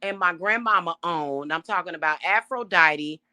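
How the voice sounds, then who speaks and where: A woman's voice: on the low side, normal speed, bright, forceful tone, no echo. Middle-aged woman going off to camera, cussing a lot, defiant and blunt, dry close sound. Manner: emphatic, profane, defiant. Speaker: self-styled high priestess and spiritual reader. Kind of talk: casual spiritual rant to camera.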